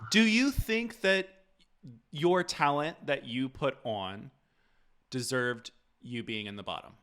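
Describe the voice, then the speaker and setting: A man's voice: mid-range voice, slow pace, a bit bright. A man hosting an interview podcast, asking questions with enthusiastic compliments. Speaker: podcast host. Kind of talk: casual interview.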